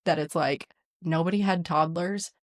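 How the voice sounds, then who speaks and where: Chatty young mom laughing in a dry room. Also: female voice, fairly low pitch, steady tone, moderate pace, no echo. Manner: chatty, laughs often, voices quotes brightly. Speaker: podcast co-host. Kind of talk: casual chat.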